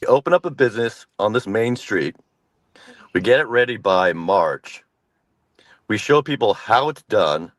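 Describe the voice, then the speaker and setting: A man on a casual stream panel, talking in a deadpan, bossy way as he pitches schemes. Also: a little slow, long pauses, dry recording. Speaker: panel guest.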